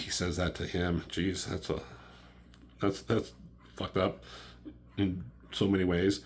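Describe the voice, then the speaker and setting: Low-ish guy swearing his way through a comic review, gets loud doing the character lines. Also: fairly even intonation, a little slow. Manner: profane, rambling, acts out dialogue in raised voice.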